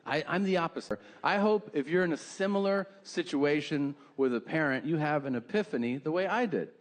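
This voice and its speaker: A man's voice: a little high, brisk. A man performing a stand-up comedy set on stage, telling profane stories about his family with mocking impressions. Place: comedy stage before a live audience. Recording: live show with audience noise.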